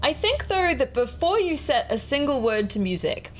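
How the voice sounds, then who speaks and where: A woman composer giving a clear, explanatory lesson, sometimes speaking words slowly to a beat. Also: high voice, very animated, soft background music. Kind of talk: instructional talk on music.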